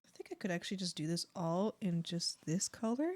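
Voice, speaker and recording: A woman's voice: fairly low pitch, expressive, fairly quick, darkish tone, dry recording. A woman streaming her art, talking to herself as she draws and singing along to music now and then. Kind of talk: casual talk while drawing.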